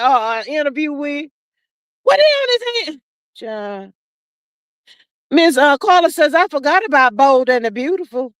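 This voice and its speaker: A woman's voice: high voice, a bit bright, no room sound, clean studio sound. A woman hosting a casual livestream, chatting and gossiping in a sassy drawl, reading viewer comments aloud and calling everyone "child" and "honey.". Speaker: livestream host. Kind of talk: casual gossip chat with live chat readers.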